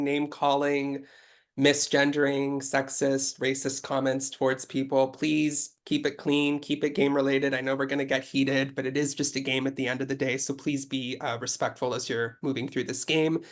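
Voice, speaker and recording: A host running an online game over a video call, going through the rules in a brisk, businesslike way. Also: mid-range voice, level tone. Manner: brisk, businesslike rule-giving.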